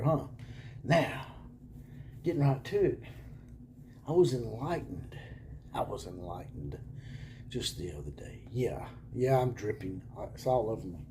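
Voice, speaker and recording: A man hosting his own college football video channel, talking casually and sarcastically from a room at home, chuckling and sometimes dropping into hushed mock-whispers. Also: on the low side, very animated, a little slow, long pauses, slight background noise.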